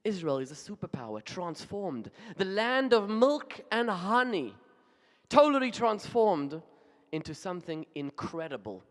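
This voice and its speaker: Brief: male rabbi, emphatic storyteller, high voice, long music-hall reverb. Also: a little slow. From Zimbabwe. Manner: animated joke-telling, emphatic. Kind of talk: storytelling sermon.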